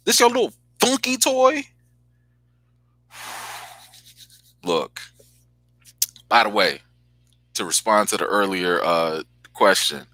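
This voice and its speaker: A man hosts a live reaction chat and calls out to his viewers. His bright, forceful voice leaps around in pitch. The sound is dry and close. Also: no echo. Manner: animated, exclaiming, talks straight to viewers. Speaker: host.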